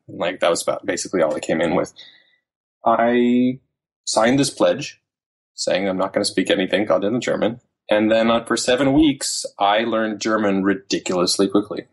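A man in his thirties, a language learning author, chatting casually as an interview guest with lively quoted asides. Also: fairly low pitch, brisk. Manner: animated storytelling with quoted asides.

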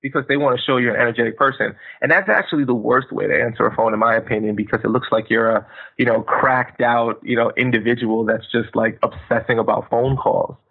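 Man, gravelly voice, energetic advice giver, phone-quality audio. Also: medium pitch, fast. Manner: energetic, emphatic, acts out phone greetings. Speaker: guest speaker. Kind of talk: podcast interview, motivational advice. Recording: tinny phone line.

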